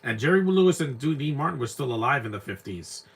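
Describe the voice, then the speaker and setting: A man's voice: medium pitch, lively intonation, fast, gravelly, breathy edge. A young man giving casual live commentary on an old movie, rambling and repeating words as he searches for names.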